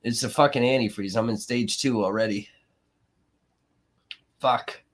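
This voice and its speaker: A man's voice: mid-range voice, measured pace. A man hosting a live stream, talking casually in a profane, sarcastic, rambling way, sniffly from allergies.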